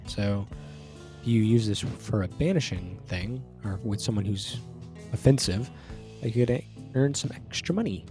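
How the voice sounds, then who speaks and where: A man streaming a video game, reading the on-screen text aloud and joking in relaxed asides. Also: fairly low pitch, unhurried, over music.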